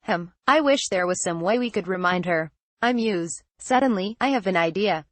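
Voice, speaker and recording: A woman narrating a memoir excerpt in an even, measured reading voice that changes little for the quoted lines. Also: lowish voice, dry recording. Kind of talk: steady read-aloud narration.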